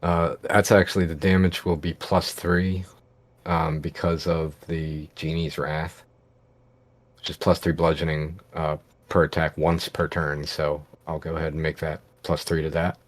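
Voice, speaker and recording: A man's voice: extremely low pitch, little pitch movement, unhurried. A man playing a tabletop game, casual and rambling as he thinks aloud. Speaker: player.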